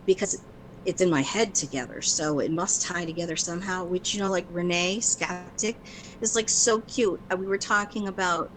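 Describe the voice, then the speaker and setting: A woman's voice: on the low side, moderate pace, a little hiss or hum. A woman from Chicago chatting casually as a guest, rambling in a stream-of-consciousness way and laughing often. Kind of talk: casual chat.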